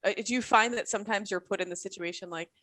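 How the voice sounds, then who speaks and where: A woman's voice: medium pitch, fast talker, bright, forceful tone, no room sound. A woman hosting a podcast, asking questions in a casual way and hunting for words with many "like" fillers. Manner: frequent "like" fillers, searching for words. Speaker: podcast host. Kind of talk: conversational interviewing.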